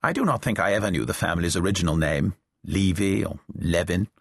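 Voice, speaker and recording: Low-pitched and husky with vocal fry, a middle-aged narrator reads a novel fairly quickly and with animation. He delivers dry, wry storytelling and lightly voices the characters, recorded on a close studio mic in a dry booth with no echo.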